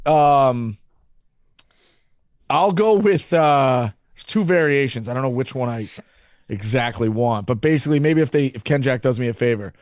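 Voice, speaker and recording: A man's voice: mid-range voice, normal speed, darkish tone, no echo. A man telling stories in casual podcast chat, rambling and swearing, with a close studio mic. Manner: rambling, swearing, laughing storyteller. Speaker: podcast co-host.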